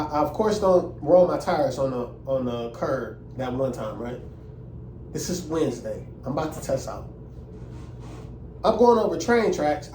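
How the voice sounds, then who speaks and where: A young man telling a story in a casual, animated, indignant way and using lots of slang. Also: fairly high pitch, roomy sound, distant mic, a little hiss or hum. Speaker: vlogger.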